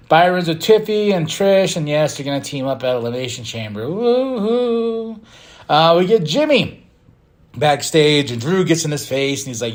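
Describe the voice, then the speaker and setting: A man's voice: on the high side, moderate pace. A man hosting a podcast, giving an opinionated, casual recap and acting out quotes as he goes. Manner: animated, opinionated, acts out quotes. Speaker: podcast host.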